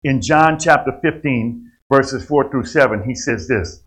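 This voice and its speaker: A man preaching a sermon, rising to loud emphatic passages and dropping to quiet asides. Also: mid-range voice, unhurried, hardly any pauses, slightly rough, rough recording.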